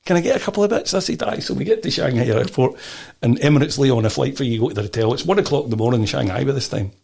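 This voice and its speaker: A middle-aged Scottish man chats as a podcast guest, his voice gravelly and rough at the edges. He tells long stories in an animated way, stumbling over restarts and doubling his words. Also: medium pitch, rapid-fire. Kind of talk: casual storytelling interview.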